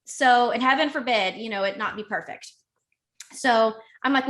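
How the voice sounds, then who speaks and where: Animated woman telling a personal story. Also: a little high, normal speed. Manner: animated, emotional retelling with frequent restarts. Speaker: podcast guest. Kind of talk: casual storytelling conversation.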